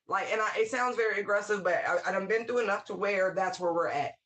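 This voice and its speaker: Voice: mid-range voice, fairly quick, few pauses, sharp tone. A tarot reader giving a casual spiritual reading, talking candidly with frequent profanity, wry asides and bursts of laughter. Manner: laughs often mid-sentence.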